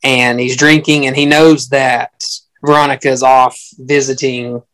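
A man in casual conversation about a film. He rambles earnestly, restarts his sentences and thinks out loud. His voice is mid-pitched and everyday. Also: level tone, a little slow, low-quality recording.

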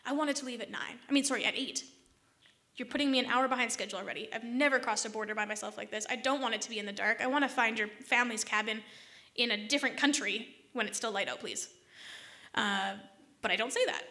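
A woman tells a personal story in a casual, chatty voice, exasperated and quick with asides. Her voice sits a little high and sounds bright and tense. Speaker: vlogger telling a personal story.

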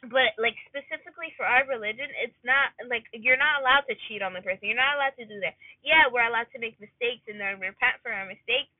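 A woman's voice: a little high, fast talker, hardly any pauses, dry recording. A young woman who works in a hospital and wants to become a doctor, venting in a rambling, indignant way full of "like". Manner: rambling, filler-heavy with constant "like", indignant. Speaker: aspiring doctor working in a hospital. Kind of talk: casual venting monologue. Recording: tinny phone-like sound.

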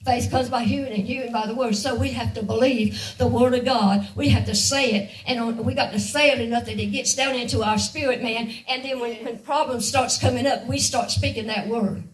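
A woman's voice: fairly high pitch, fairly even intonation, fairly quick, few pauses, far from the mic, rough recording. A woman giving a guest sermon, earnest and repetitive, often laughing lightly between her points. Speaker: guest speaker.

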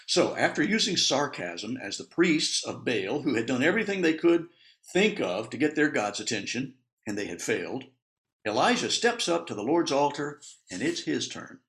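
A man's voice: fairly high pitch, big pitch swings, moderate pace, fairly bright tone. A man preaching a sermon, reading scripture and explaining it in a playful way, chuckling at the humor in the story.

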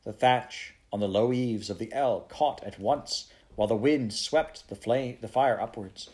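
A man reading a children's novel aloud in a steady storytelling manner. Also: mid-range voice, measured pace. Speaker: audiobook reader.

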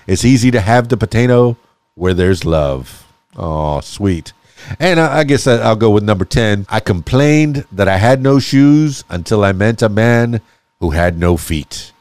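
A man's voice: on the low side, lively intonation, measured pace, a little mellow, dry recording. A man hosting a casual solo podcast, reading sayings aloud and musing on them with small chuckles and restarts. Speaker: podcast host.

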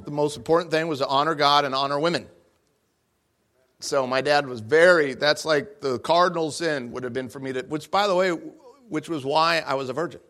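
Young male speaker, bright and forceful tone, lively jokey storyteller acting out dialogue for an audience. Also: a little high. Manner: animated, jokey, acts out his own lines. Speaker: guest speaker.

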